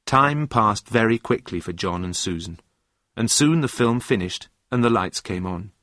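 A man narrating a story in a calm, plain, measured reading voice. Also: on the low side, no room sound, studio quality.

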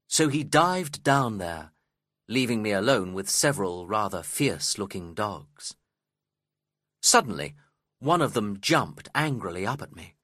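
A man reading a novel aloud in the first person, in a measured, expressive storytelling manner. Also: mid-range voice, husky, dry recording, studio quality. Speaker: audiobook narrator. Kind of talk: scripted first-person narration.

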